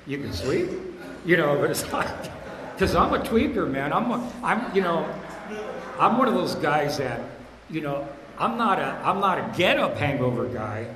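A man in his sixties telling his recovery story at a meeting, rambling and repeating himself in blunt, streetwise talk, getting louder and higher on his punchlines. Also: sing-song, normal speed. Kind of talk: personal recovery share. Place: meeting hall. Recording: echoey hall with room hum.

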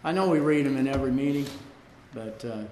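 Telling his story at a recovery meeting, a man speaks fairly quickly in a dark, medium-pitched voice, conversational and rambling, laughing through anecdotes with frequent "you know"s. The meeting-room audio carries hall echo, faint ambience, and a slight hiss or hum.

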